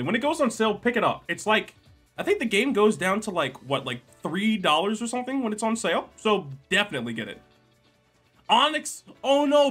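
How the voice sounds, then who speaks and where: A man's voice: high voice, a bit bright, husky. A young man streaming, chatting casually, joking and reading chat aloud while editing art.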